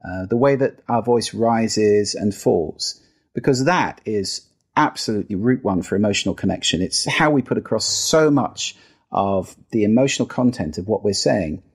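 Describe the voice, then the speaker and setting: On a podcast interview, a middle-aged British man appears as a guest and expert on sound and listening. His husky voice is animated and moderately paced as he explains voice and listening, demonstrating by playing with pitch and register.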